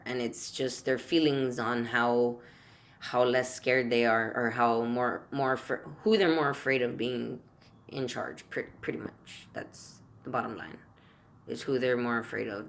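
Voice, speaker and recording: A man's voice: mid-range voice, vocal fry, a bit bright. Fiery, foul-mouthed male vlogger ranting. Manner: heated, swears constantly, repeats himself while searching for words. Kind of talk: profane political rant to camera.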